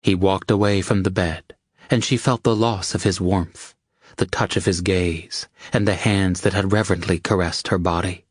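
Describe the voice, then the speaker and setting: A man narrating an audiobook with a steady, measured reading. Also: sits low, no room sound, clean studio sound. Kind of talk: scripted narration.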